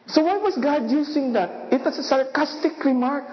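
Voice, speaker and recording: A woman preaching a sermon, asking rhetorical questions and acting out voices in a lively way. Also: sits high, moderate pace. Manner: animated, rhetorical questions, acts out voices of God and people. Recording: dull sound with long hall reverb.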